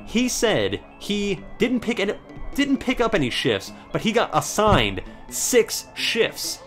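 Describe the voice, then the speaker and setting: A young man with a fairly high, slightly bright voice casually commentates a video game as a let's play. He rambles through a sarcastic story about work, swearing freely along the way.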